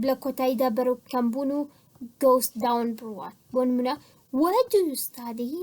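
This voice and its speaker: Woman, high voice, quick delivery, English teacher, repeats key phrases. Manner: switches between languages to explain. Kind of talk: classroom lesson explanation.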